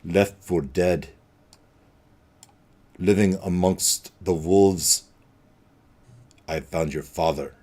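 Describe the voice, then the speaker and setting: A man voicing a cold, menacing male vampire lord who speaks in a slow, formal way. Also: dark tone, exaggerated voice. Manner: low, slow, deliberate menace.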